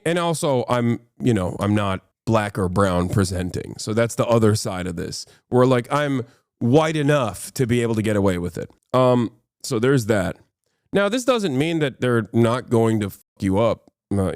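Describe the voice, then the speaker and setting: A man's voice: medium pitch, a little mellow, clear, resonant tone, no echo, clean studio sound. Rambling, profane male streamer commentator. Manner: rambling, profane, frequent restarts. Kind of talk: casual livestream commentary.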